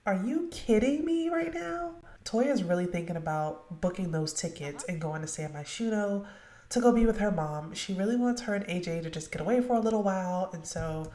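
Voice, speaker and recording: Talking fairly quickly in a warm, low-leaning voice, a let's play narrator casually comments on her game and speaks straight to viewers. The room she records in is echoey.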